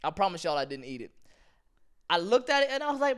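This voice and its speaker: Young man, high voice, podcast co-host, slangy, laid-back, laughing storyteller. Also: sing-song, fast talker, a bit bright, clear, resonant tone. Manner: slangy and laid-back, says "bro" a lot, laughs while telling stories. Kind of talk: casual storytelling chat.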